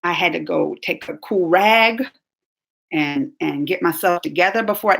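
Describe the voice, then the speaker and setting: Bright, chatty woman streaming live. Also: fairly low pitch, unhurried, creaky. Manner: chatty and gushing, laughs often. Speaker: YouTube reaction channel host. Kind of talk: casual live-stream chat with viewers.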